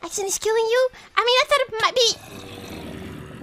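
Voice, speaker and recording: A woman from Europe commentating her live game stream in an excitable way, often breaking into startled shrieks. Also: very high-pitched, normal speed, faint music behind.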